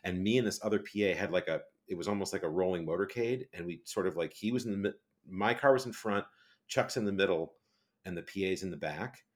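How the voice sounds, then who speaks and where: A middle-aged man telling rambling, animated anecdotes as a guest on a podcast. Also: low voice, fast. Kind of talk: casual storytelling.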